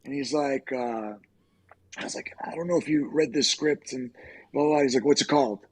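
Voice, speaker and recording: Man, middle-aged, husky voice, mid pitch, animated podcast storytelling. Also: a little fast. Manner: animated, profane, acts out quoted lines. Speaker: actor guest on a podcast. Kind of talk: casual storytelling.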